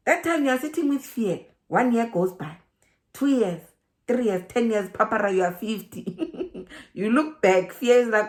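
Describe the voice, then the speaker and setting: A woman's voice: fairly high pitch, normal speed. A woman with a South African accent giving a motivational talk to her viewers. She laughs often and acts out the voices in her head. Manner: animated, laughs often, acts out inner dialogue. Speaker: relocation vlogger.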